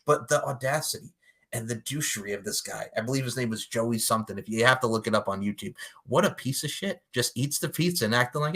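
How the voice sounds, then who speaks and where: A fast-talking man with a medium-pitched voice co-hosts a podcast, recapping a movie in casual chat. He's animated and swears freely, acting out the characters' lines.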